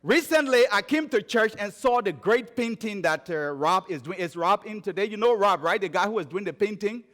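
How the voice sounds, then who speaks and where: A man from Liberia with a Liberian accent, preaching a sermon and telling stories, moving between emphatic raised phrases and quiet low ones. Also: expressive, moderate pace, few pauses. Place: church sanctuary. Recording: church sanctuary with long reverb.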